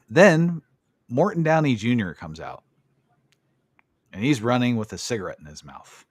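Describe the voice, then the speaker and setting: A man's voice: medium pitch, big pitch swings, unhurried, long pauses, breathy edge, no echo. A man hosting a podcast, recapping a wrestling match in casual chat and swearing freely. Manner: swears freely, blunt opinions. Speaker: podcast host.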